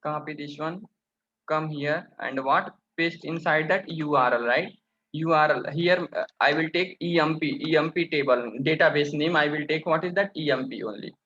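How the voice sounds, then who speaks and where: A man's voice: on the high side, moderate pace, sharp tone, slight background noise. A man teaching a coding lesson over his screen, who keeps asking rhetorical questions and calls his viewers "guys". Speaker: programming instructor. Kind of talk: screen-recorded coding tutorial. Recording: dull lo-fi sound.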